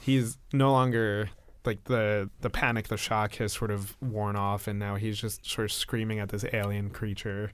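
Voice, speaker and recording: A man narrating his character's actions in a tabletop role-playing game in a measured, descriptive way. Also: on the low side, level tone, clear, resonant tone. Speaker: game player.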